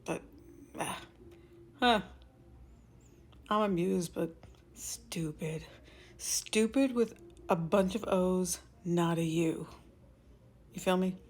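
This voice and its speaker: A young adult woman giving a casual movie review. She talks in a chatty, animated way, laughing often and acting out her own reactions. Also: lowish voice, slow pace, long pauses.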